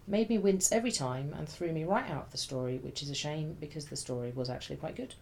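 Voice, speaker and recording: A woman's voice: low voice, fast, vocal fry, darkish tone, a little hiss or hum. A woman reading a scripted book review in a dry, wry, chatty manner.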